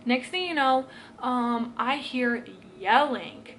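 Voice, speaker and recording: A woman's voice: high voice, slow, a bit bright, a little hiss or hum. A young woman telling a personal story to her own camera in a casual vlog, rambling and emotional, with lots of filler words. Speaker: vlogger. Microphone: camera she films herself with.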